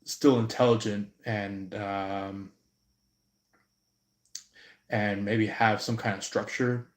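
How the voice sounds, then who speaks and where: A man giving an intuitive reading on a live stream, slow and halting, with many fillers and restarts. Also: lowish voice, level tone, reverberant. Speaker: tarot reader.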